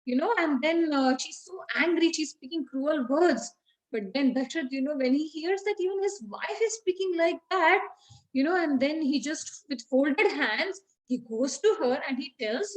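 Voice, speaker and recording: A woman's voice: sits high, normal speed, poor audio. A woman, teaching children by retelling a story in a chatty way, with many fillers and questions to the class.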